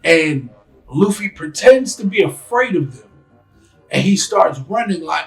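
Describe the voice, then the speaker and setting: A man hosting a casual podcast, telling stories in a loose, animated way and acting out scenes in quick voices. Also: high voice, vocal fry, faint music behind, low-quality recording. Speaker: podcast host. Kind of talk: casual chat.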